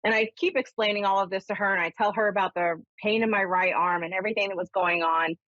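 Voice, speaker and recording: Woman host for a call-in medium show, animated, dry and a bit lo-fi. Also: mid-range voice, fast talker, dry recording. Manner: animated, acts out voices when retelling. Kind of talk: casual on-air storytelling and readings. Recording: slightly dull lo-fi radio sound.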